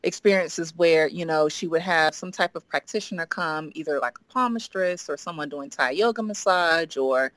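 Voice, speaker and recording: Guest, woman, forties, low-ish voice, animated storyteller who acts out dialogue, dry close sound. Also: normal speed, few pauses, no echo. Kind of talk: casual storytelling.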